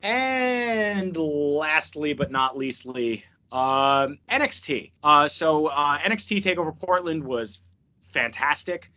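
A man hosts a casual podcast, animated and profane as he rants. His voice is bright and forceful. The sound is a little dull and lo-fi. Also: on the high side, takes it slowly. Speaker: podcast host.

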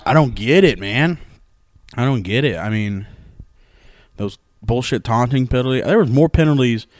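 A man's voice: medium pitch, expressive, normal speed, darkish tone, no echo, studio quality. A young man hosting a casual sports podcast, telling stories loosely with lots of swearing and laughter. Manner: loose, profane, storytelling, laughs often. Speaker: podcast host.

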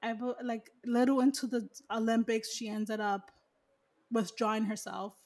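A woman's voice: on the high side, little pitch movement, normal speed, a little mellow. A woman chatting casually, rambling with lots of "like" and "you know". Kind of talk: casual chat.

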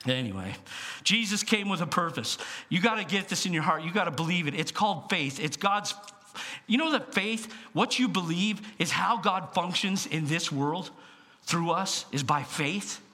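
A man preaching as pastor in a church, telling stories with animated swings between hushed asides and loud bursts. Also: high voice, moderate pace. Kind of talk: sermon.

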